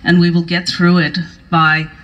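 A woman's voice: on the low side, flat delivery, moderate pace, fairly bright tone, highs cut off. A woman giving an earnest, rousing speech at an outdoor rally, repeating phrases for emphasis. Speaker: politician speaking at a rally.

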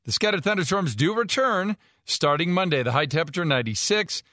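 A man giving a radio weather forecast, quick and relaxed, with a few fillers. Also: a little high, no room sound, clean studio sound.

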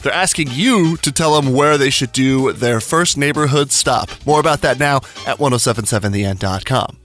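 A man's voice: medium pitch, moderate pace, fairly bright tone, faint music behind. A man hosting a morning radio show, talking in an emotional, rambling way with sighs. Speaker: radio host. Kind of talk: casual morning radio chat.

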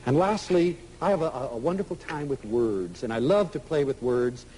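A man giving an inspirational public lecture, emphatic and animated, acting out little dialogues as he speaks. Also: medium pitch, moderate pace, slight background noise, low-quality recording. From United States.

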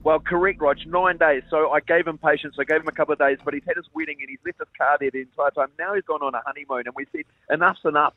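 A man's voice: on the high side, steady tone, fast, few pauses, no room sound. A man, calling into a radio show by phone, brash and punchy. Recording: dry tinny phone line.

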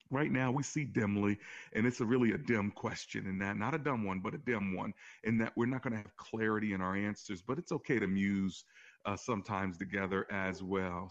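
A man who is a pastor, hosting a call-in faith talk show and telling stories in an animated way, his voice often jumping higher. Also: dull audio. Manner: animated storytelling with sudden rises in pitch. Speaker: pastor and radio show host.

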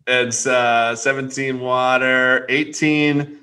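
Young male host, forceful, bright tone, animated storyteller. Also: takes it slowly, clear, resonant tone. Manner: animated, acts out quotes with big jumps up in pitch. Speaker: podcast host. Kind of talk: casual storytelling.

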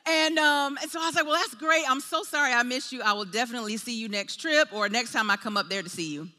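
A woman preaching a sermon, telling a personal story in an animated way and acting out the voices in her quotes. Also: on the high side, fast talker, long reverb tail.

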